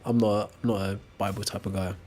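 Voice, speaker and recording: A man's voice: lowish voice, level tone, fairly quick, a little mellow, a little hiss or hum. An English man with a working-class accent, chatting casually while gaming and often asking "right?". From England. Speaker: streamer.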